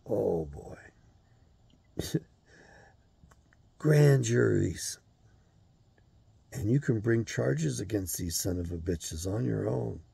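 Gravelly, gruff older man ranting. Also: fairly low pitch, animated, slow, pauses often, dark tone, dry recording. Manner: blunt, profane, ranting. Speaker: show host. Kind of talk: angry monologue to camera.

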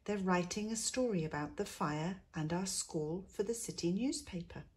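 A woman reading aloud and voicing a kind grown man who teaches village children, speaking gently and encouragingly, with Spanish words mixed in. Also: lowish voice, moderate pace, breathy edge.

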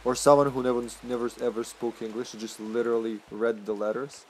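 A man's voice: mid-range voice, level tone, a little fast, a little mellow, a little hiss or hum. A man with a Serbian accent, a native Serbian speaker, chatting casually and laughing often as he livestreams a game. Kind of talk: casual gameplay commentary.

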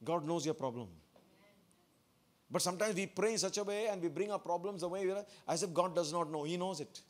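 A man's voice: high voice, fairly quick. A man, a pastor, preaching a sermon to his church, asking the congregation questions and repeating phrases for emphasis.

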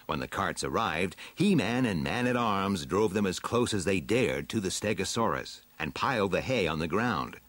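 Husky, low-voiced male storyteller. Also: moderate pace, few pauses, no room sound. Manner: expressive, dramatic read-aloud. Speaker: narrator. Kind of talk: storybook reading.

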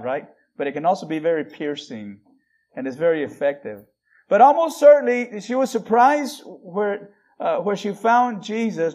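A middle-aged male pastor with a rather high voice delivers an earnest sermon. He slows down to lean on key phrases and often restarts his sentences as he goes. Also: a little mellow. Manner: earnest, with frequent restarts and stretched emphasis on key words.

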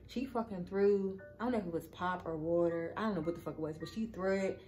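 A woman vlogger tells her viewers a casual storytime, chatty and cursing freely as she calls them "y'all." Her voice is fairly low, fast and a little mellow. Soft music plays behind her, and the recording quality is low.

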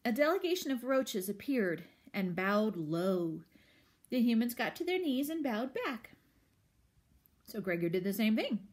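A woman reading a children's book aloud, her pitch rising and falling in a lively, expressive storytelling manner. Her voice sits somewhat high. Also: a little slow.

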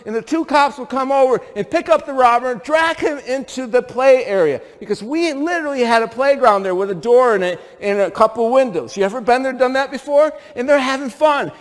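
A middle-aged man from upstate New York preaching a sermon, telling stories and firing rhetorical questions at the congregation. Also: very high voice. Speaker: pastor. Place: church sanctuary. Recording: long church hall reverb.

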